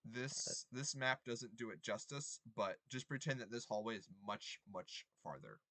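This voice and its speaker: A young man running a tabletop game as game master, rambling with many ums and quick apologies. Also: mid-range voice, animated, sharp tone, no echo.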